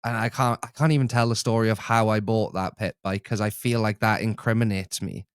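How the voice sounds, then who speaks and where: A young man co-hosting a casual stream, telling stories in a relaxed, easygoing way. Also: on the low side, fairly quick, clean tone. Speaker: co-host. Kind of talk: casual live-stream chat.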